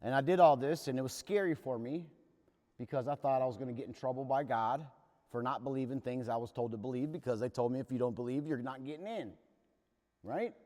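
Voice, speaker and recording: A man's voice: mid-range voice, quick pace, dark tone. Earnest man talking in a reverberant hall. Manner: earnest, plain-spoken storytelling. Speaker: recovery workshop leader. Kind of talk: candid personal talk to a recovery group.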